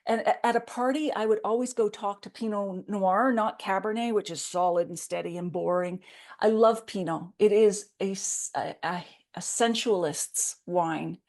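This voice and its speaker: A woman talking over a video call in a playful, chatty way, poking fun at herself. Her voice sits at a middling pitch, and she pauses often with fillers as she speaks. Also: a little mellow. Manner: chatty, playful, self-deprecating humor. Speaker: keynote speaker. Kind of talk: casual conversation on a video call.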